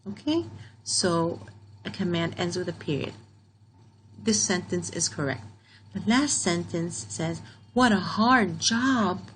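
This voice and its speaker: A woman teacher explaining a grammar lesson in a patient, step-by-step way, reading each example sentence slowly and then repeating it. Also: fairly low pitch, lively intonation, a little hiss or hum, low-quality recording.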